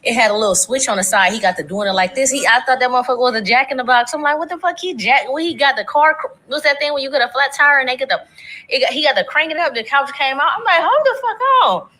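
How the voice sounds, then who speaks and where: Animated woman telling a profane story. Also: sits high, quick pace. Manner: animated, profane, dramatic voice swings. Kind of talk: casual storytime monologue.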